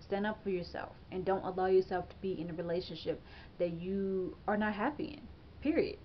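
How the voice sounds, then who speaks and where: A woman's voice: mid-range voice, fairly quick, slight background noise. Chatty woman doing a zodiac reading to camera, keeps saying okay, kinda dull lo-fi audio. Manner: chatty, emphatic, frequent "okay?" and "you know"; laughs often, gets tongue-tied. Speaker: astrology channel host. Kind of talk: casual tarot-style forecast to camera.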